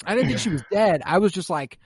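A man recapping a show episode in casual chat, animated and swearing freely as he acts out his reactions. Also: high voice, fast talker, husky. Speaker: podcast host recapping an episode.

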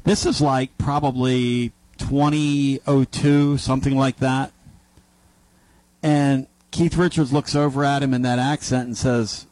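A man's voice: mid-range voice, flat delivery, a little slow, darkish tone, no room sound, poor audio. A man hosting a sports talk radio show, telling a long story in a casual, rambling way with asides and self-corrections.

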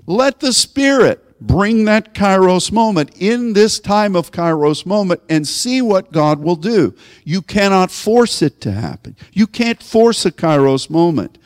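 A male pastor preaching a sermon in a voice a bit higher than most men's. He moves from easy conversational storytelling to emphatic exhortation. His words ring out with a long reverb in a large hall. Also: big pitch swings, measured pace, clean studio sound.

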